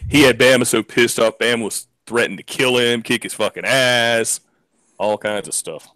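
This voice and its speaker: A man on a casual online radio chat, telling profane, animated stories. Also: medium pitch, moderate pace, no room sound.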